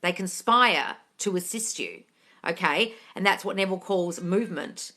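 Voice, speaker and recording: A woman's voice: lowish voice, moderate pace, sharp tone. A woman hosting a live question-and-answer stream as a coach, blunt and emphatic, swearing freely as she answers viewers. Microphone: phone or computer mic for a live stream.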